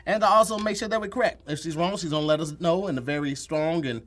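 A man's voice: a little high, quick pace, fairly bright tone. A man hosting a casual comedic word game, tired and teasing, laughing often. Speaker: host.

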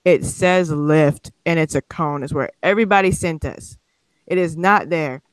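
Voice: medium pitch, normal speed, clear, resonant tone, dry recording. A podcast host delivering an exasperated, profane comedic rant with sarcastic asides. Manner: sarcastic, mocks people's excuses.

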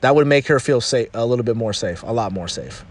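A man's voice: mid-range voice, lively intonation, fairly quick. Rambling man giving casual advice. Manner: loose, rambling, full of "you know" and restarts.

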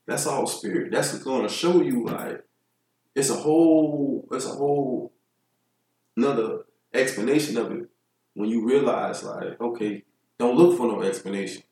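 A man's voice: mid-range voice, normal speed, warm tone. A man speaking reflectively and philosophically in casual podcast chat. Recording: echoey, distant from the mic.

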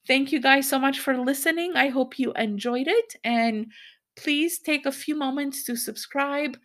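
A woman's voice: high-pitched, unhurried, fairly bright tone. A woman in her thirties hosting a solo podcast, talking candidly and in a rambling way, often laughing as she speaks. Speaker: podcast host.

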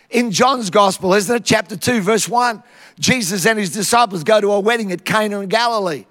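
High-voiced Australian preacher in a hall. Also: male voice, brisk. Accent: Queensland Australian. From Queensland, Australia. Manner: lively storytelling, acting out Bible scenes with humour. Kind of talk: sermon. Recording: long hall reverb.

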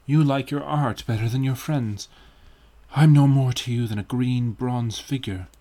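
A man's voice: mid-range voice, unhurried, dark tone, close to an everyday voice. A man doing a vain, brooding young man. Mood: impassioned.

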